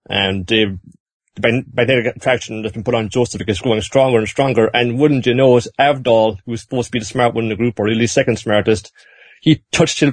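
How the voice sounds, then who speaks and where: A man casually recapping a story in a rambling, animated way, doing quick voices as he goes. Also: mid-range voice, no room sound. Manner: rambling, animated, with frequent fillers and restarts.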